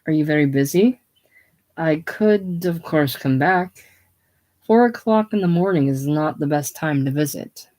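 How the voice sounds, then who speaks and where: Voicing Gus, the polite Austrian mechanic with a light German accent who apologizes earnestly and hopes to be welcomed, the reader uses a natural, somewhat dark, medium-pitched voice. The pace stays measured, and the manner is eager and self-effacing.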